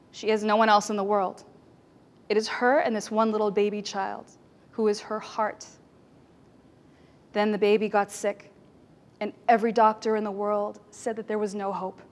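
A woman giving a talk on stage, telling emotional stories dramatically and swinging between loud passages and hushed ones. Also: mid-range voice. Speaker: speaker.

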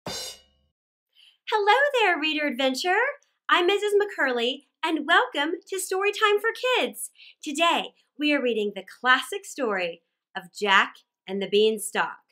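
A woman reading a classic fairy tale aloud for children, expressive and animated, with dramatic gasps. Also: high-pitched, measured pace. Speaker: children's storyteller. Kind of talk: read-aloud storytelling for children.

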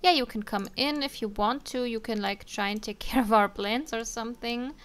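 Young woman talking thru her sims game, kinda high smooth voice, lots of ums. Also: normal speed. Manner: chatty, talks to her game characters, frequent ums. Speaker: let's play streamer. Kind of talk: casual game commentary.

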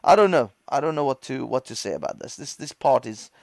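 A man's voice: medium pitch, animated, a little fast, gravelly, dry recording. Sweary mocking London man ranting. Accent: London English. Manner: sweary, laughs often, mocking. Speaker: livestream host. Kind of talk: casual ranting commentary.

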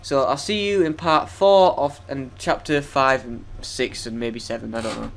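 A man's voice: mid-range voice, moderate pace, vocal fry, a little hiss or hum. A young man giving profane, sarcastic, self-mocking commentary while playing a video game. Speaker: let's play gamer. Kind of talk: gameplay commentary.

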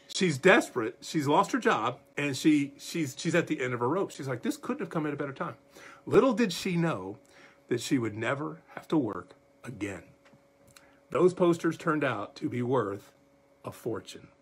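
A man leading a livestreamed Bible study as pastor, folksy and animated, talking straight to his viewers. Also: medium pitch, breathy edge.

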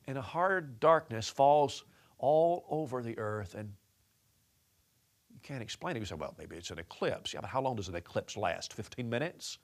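A man's voice: mid-range voice, animated, moderate pace. A man preaching a sermon as a story, talking with many restarts and changing his voice for quoted lines.

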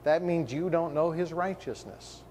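A man preaching a sermon, firing off rhetorical questions with emphasis and sinking into a hushed tone for personal stories. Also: on the high side, moderate pace, in a large hall, a little hiss or hum.

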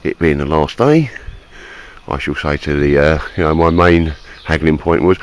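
A man's voice: very deep voice, normal speed, rough recording. A man from London with a Cockney accent, chatting casually to camera in a vlog, joking and rambling with plenty of filler words. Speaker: vlogger.

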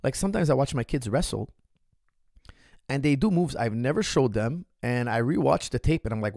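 A man's voice: medium pitch, expressive, a little fast, darkish tone, no echo, studio quality. A man, a martial arts coach, answering viewer questions in an emphatic way, repeating points for stress. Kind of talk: Q&A talk to viewers.

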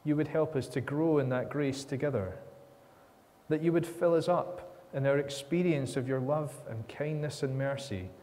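A minister leading worship prays earnestly in flowing, repeated phrases during a church service. His warm voice is a little high at a moderate pace, recorded in a reverberant church with faint ambience.

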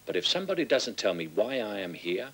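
A man's voice: fairly low pitch, big pitch swings, brisk, fairly bright tone. An exasperated architect in a film, defending himself against accusations. He is indignant and pushes his voice up as his patience runs out. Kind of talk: feature film dialogue.

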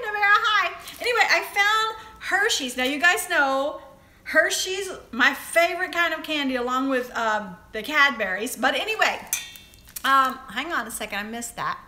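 This Southern-accented, middle-aged livestream host has a bright, forceful voice that sits high and moves in a sing-song way at a moderate pace. She chats casually and greets viewers by name, and the room sounds echoey.

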